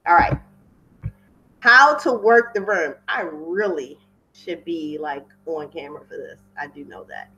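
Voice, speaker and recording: A woman's voice: sits low, animated, unhurried, pushed and bright, muffled recording. Chatty woman hosting a webinar. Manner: chatty, repeats words for emphasis, strays off script. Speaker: webinar host teaching wedding pros. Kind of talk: casual talk from a webinar.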